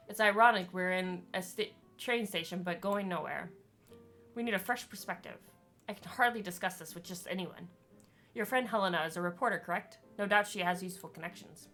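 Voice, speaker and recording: A woman's voice: mid-range voice, sharp tone, close to an everyday voice. A woman reading the lines of a formal, flowery male ghost, a genteel old-fashioned writer.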